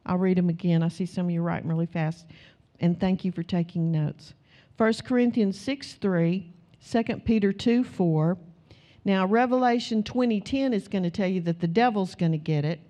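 Animated, chatty woman preacher. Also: fairly low pitch, moderate pace. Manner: conversational, animated storytelling, many "you know"s. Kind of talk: sermon.

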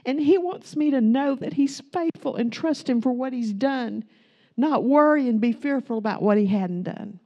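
A woman's voice: high-pitched, expressive, normal speed, highs cut off. A middle-aged woman giving a sermon-style testimony to a congregation, chatty and candid, telling stories about her family. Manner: storytelling, chatty and candid, acts out quotes. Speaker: pastor's wife speaking to a congregation.

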